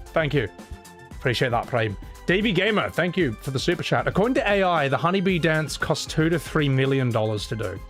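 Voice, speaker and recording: Animated rambling male streamer. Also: a little high, a little fast, faint music behind. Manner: rambling, animated, swears, laughs often. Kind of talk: casual live-stream chat.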